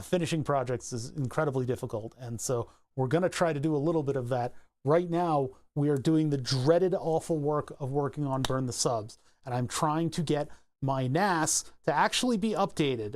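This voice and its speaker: Rambling Philadelphia man streaming, slightly high. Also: a little mellow. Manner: rambling, chatty, laughs easily. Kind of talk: casual livestream chat.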